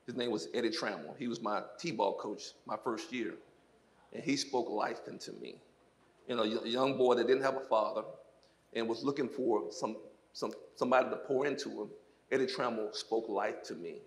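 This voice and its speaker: A man from South Mississippi, a former football player, giving an animated testimony on a church stage, laughing often as he tells stories. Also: medium pitch, normal speed. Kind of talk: onstage interview testimony. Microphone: handheld microphone.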